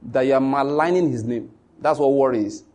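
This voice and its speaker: Here a Nigerian-accented pastor addresses his congregation head-on, preaching emphatically and repeating himself. His pitch is medium, his tone darkish, and he speaks fairly quickly.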